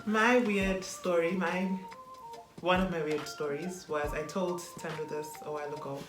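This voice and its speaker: A woman from South Africa tells her stories in a lively, animated way, with laughs mixed in. She sounds like she is in a roomy, echoing space. Music plays clearly behind her. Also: on the low side, normal speed. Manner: animated storytelling, laughs often. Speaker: vlogger. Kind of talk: casual chat.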